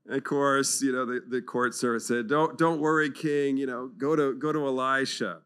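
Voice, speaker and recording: A man giving an animated, jokey talk on scripture at a clergy retreat, acting out the figures in playful voices. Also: mid-range voice, normal speed, smooth. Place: conference hall.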